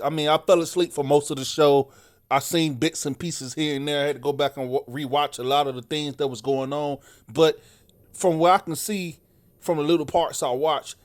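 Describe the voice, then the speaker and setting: Exasperated ranting man, slightly high voice. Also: normal speed, a little mellow. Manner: sarcastic, exasperated, mocks in a high voice. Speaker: wrestling recap host. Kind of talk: angry rant.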